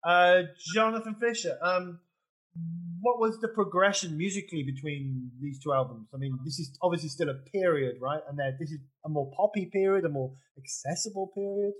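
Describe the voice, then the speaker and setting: A man hosting a casual podcast discussion, halting and full of fillers as he asks questions. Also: fairly high pitch, a bit bright, poor audio. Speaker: podcast host. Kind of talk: casual chat.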